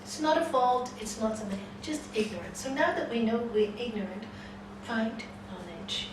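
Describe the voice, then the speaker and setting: A yoga teacher delivers a spiritual talk, animatedly narrating a story and acting out the voices in it. Her voice is a little high and she speaks at normal speed. Recorded from far off on a distant room mic, the echoey hall carries noisy ambience.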